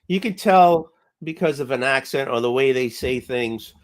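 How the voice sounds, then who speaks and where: A man's voice: medium pitch, moderate pace. A man in casual chat, emphatic and insistent when arguing a point.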